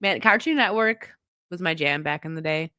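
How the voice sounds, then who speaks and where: A woman's voice: deep voice, normal speed, bright, forceful tone, clear, resonant tone, no echo, clean studio sound. Chatty, sick woman streamer. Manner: chatty, rambling, laughs often. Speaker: streamer host. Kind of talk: casual live-stream commentary.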